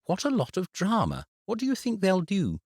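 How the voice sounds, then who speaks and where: A fussing, caring older woman at the allotment, as a male narrator puts her on, her voice pushed well up and lively. The storybook reading is close and dry. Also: sits high, moderate pace, slightly rough, no room sound, voice pushed up, heavily acted. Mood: amazed.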